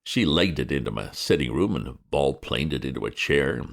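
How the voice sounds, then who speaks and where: A man reading classic fiction aloud as an audiobook, with a wry, expressive storytelling manner. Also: very deep voice, moderate pace, creaky. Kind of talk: audiobook narration.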